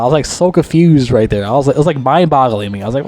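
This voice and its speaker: A man's voice: fast talker, soft background music. Rambling, foul-mouthed man reviewing a movie. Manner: rambling, heavy swearing, repeats himself; gets loudly excited and higher when retelling scenes. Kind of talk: casual movie review vlog.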